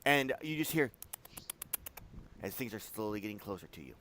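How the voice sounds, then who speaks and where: A man narrating as game master of a tabletop game, loose and chatty, acting out quick quotes as he describes the scene. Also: on the low side, slight background noise. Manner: animated, loose, full of "like" and acted-out quotes.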